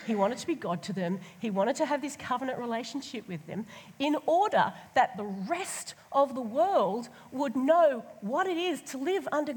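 A woman preaches in a casual, lively way. Her voice is a little high and breathy. It rings with the long reverb of a large hall. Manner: lively, colloquial, acts out voices of the people. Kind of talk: sermon.

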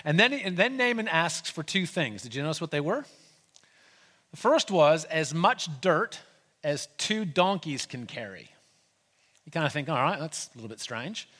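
A man's voice: fairly high pitch, unhurried, long pauses. Chatty preacher man in a reverberant hall. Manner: conversational, animated retelling with asides. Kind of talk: sermon.

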